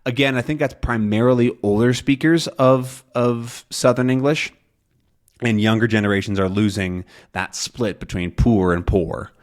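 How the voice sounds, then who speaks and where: A man teaching English in a relaxed, casual way, thinking aloud with many ums and pausing to slowly demonstrate vowel sounds. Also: mid-range voice. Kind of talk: casual explanatory lesson.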